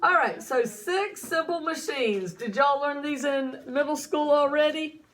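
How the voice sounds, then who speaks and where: Woman science teacher, high voice, folksy and chatty in front of a class. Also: measured pace, a bit bright, a little hiss or hum. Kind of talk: classroom lecture.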